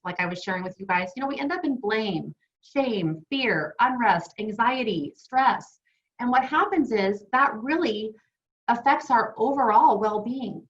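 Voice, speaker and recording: A woman co-hosting an online wellness webinar, chatty and enthusiastic, sharing personal stories as she teaches. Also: on the high side. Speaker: wellness program co-host. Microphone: video call. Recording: dull lo-fi video call audio.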